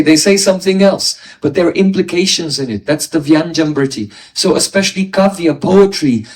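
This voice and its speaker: A man's voice: a little high, darkish tone, far from the mic, rough recording. A man giving a devotional class lecture, explaining ideas through everyday examples and often checking in with his listeners. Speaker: spiritual teacher.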